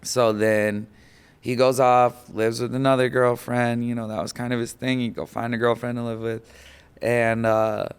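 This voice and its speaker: A man with a smooth, resonant voice at a middle pitch tells a painful personal story as a podcast guest. He talks in an animated way, full of "you know" and "like", and acts out what people said. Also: normal speed. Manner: animated, acts out quotes, many fillers.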